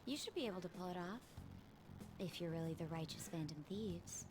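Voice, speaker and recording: An actress playing a stern teenage student council president in a video game, cool and commanding. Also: female voice, fairly low pitch, expressive, brisk, noisy background, close to an everyday voice. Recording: game audio with music behind.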